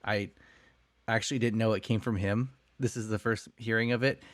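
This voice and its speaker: A man's voice: fairly low pitch, steady tone, normal speed, no room sound. A young adult man co-hosting a podcast, joking and thinking aloud in casual faith discussion. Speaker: podcast co-host.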